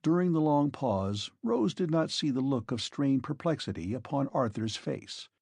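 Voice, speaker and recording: A man narrating an audiobook in a measured, expressive manner. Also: medium pitch, creaky, slightly rough, no echo, studio quality. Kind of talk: scripted narration.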